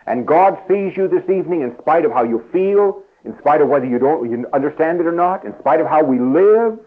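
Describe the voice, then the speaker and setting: A male preacher with a husky, slightly breathy voice delivers an evening sermon to a seated church congregation. He leans on key phrases, slowing down and lifting his pitch, and drops to a hushed, unhurried tone when leading prayer. The sound is thin and narrow, like an old phone-line broadcast. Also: expressive. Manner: earnest, stresses key phrases by slowing and rising.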